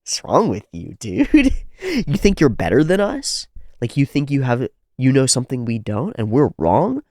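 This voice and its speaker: A man doing a high sneering male warrior. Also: huge pitch swings, moderate pace, a little mellow, dry recording, clean studio sound. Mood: mocking. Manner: mocking, contemptuous. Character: sneering young male warrior taunting comrades.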